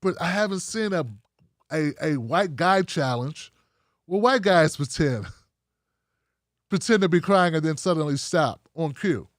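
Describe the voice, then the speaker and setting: High-voiced man rambling on his show. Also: lively intonation, unhurried, long pauses, no room sound, clean studio sound. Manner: rambling, conversational, frank. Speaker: show host. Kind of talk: casual commentary livestream.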